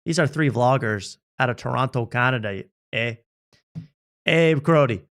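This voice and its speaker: A man's voice: medium pitch, normal speed, fairly bright tone. A man hosting a comedy talk show, riffing casually and joking about online videos. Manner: joking, mock voices, laughs often. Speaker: comedy podcast host.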